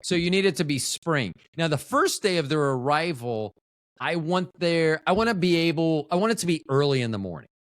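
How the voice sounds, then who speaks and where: A man's voice: fairly high pitch, expressive, fairly quick, no room sound, studio quality. A man hosting a casual solo podcast, rambling and joking with offhand profanity, often cutting himself off mid-thought. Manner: rambling, self-interrupting, trails off mid-thought. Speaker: podcast host.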